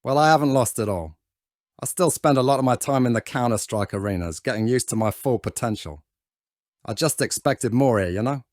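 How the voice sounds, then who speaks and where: A proud, self-pitying sniper rifle, played by a man speaks in a measured, haughty tone. The voice is dry and close to the mic. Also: medium pitch, a little mellow, no echo, natural voice.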